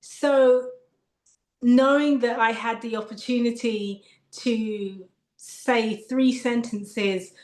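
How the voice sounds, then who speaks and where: A woman's voice: on the high side, fairly even intonation, slow pace, a little mellow, reverberant. A woman with a British accent, an actress guest chatting thoughtfully in an interview and laughing often. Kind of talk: casual interview chat.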